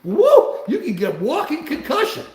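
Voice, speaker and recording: A man's voice: high-pitched, sing-song, moderate pace, gravelly, reverberant. A man hosting a casual livestream, talking in a worked-up way and reading out viewer comments. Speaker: livestream host.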